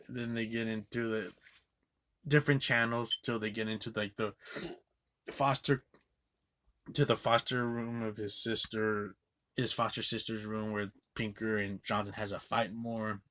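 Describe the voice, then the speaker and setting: Guy rambling thru a movie recap, lowish voice but punchy and bright, swears a bunch. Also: flat delivery, measured pace. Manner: rambling, loose, swears often. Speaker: movie reviewer.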